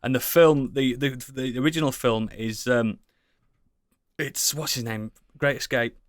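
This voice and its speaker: A man's voice: mid-range voice, steady tone, unhurried, no room sound. Sweary, rambling British man, dry sound. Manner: rambling, sweary, enthusiastic, many restarts. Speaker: podcast co-host. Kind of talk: casual chat.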